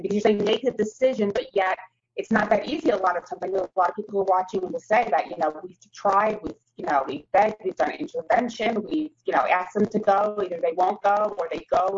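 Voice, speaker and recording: A woman hosting a remote panel, asking long halting questions with many fillers, over a video call. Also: medium pitch, muffled recording, slight background noise. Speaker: host.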